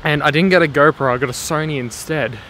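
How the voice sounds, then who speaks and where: A man's voice: on the high side, fast, fairly bright tone. A young man, vlogging casually through city streets and a park, swearing a lot and often laughing. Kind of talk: casual handheld travel vlog. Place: outdoors in busy city streets, station and park. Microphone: camera on a small tripod. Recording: clear street noise behind.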